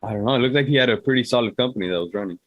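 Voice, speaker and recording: A man on a casual movie review podcast, making quick, dry remarks. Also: medium pitch, muffled recording. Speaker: podcast co-host.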